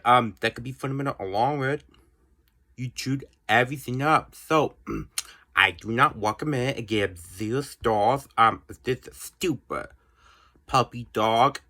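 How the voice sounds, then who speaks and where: A man's voice: medium pitch, pushed and bright. A man ranting in a home video, grumbling bluntly and repetitively with mild swearing. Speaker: vlogger.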